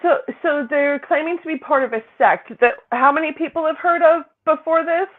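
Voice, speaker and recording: A woman psychic co-hosting a casual chat, incredulous and rambling, quick to laugh. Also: sits high. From Britain. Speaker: psychic co-host. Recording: tinny phone-like line.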